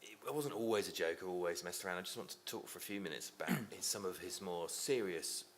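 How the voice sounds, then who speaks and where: A man interviewing a guest, asking brisk, prompting questions. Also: low-pitched.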